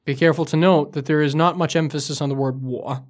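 A man's voice: a little high, steady tone, quick pace. Guy co-hosting a language lesson podcast, curious learner vibe, asks for examples, studio mic. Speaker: co-host. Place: studio in Beijing.

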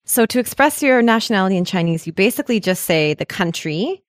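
A woman's voice: medium pitch, lively intonation, fairly quick, no room sound, studio quality. A woman from Canada co-hosting a language lesson podcast, explaining patiently with light jokes. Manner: upbeat, joking, explains patiently.

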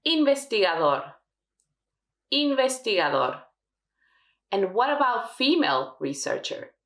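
A woman teaching a language lesson, slowly modelling each word twice for learners. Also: a little high, very animated, fairly bright tone, reverberant. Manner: slow, careful modelling of words. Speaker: Spanish teacher.

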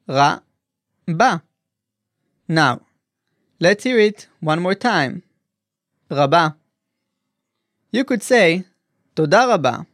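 A male language teacher with a somewhat high voice talks very slowly, carefully sounding out every syllable. His scripted lesson is recorded dry and close, with no room echo. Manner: slow, careful enunciation of syllables.

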